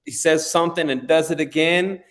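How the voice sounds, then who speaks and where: Relaxed slangy man, interview guest, casual chat. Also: on the high side, a little fast. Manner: slangy, laid-back, laughs along.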